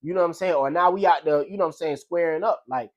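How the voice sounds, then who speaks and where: A delivery driver shares life lessons in a casual motivational talk, telling stories in a loose, slangy way and often saying "you know what I'm saying." His voice sits on the high side and moves fast, and the muffled recording carries a little hiss or hum.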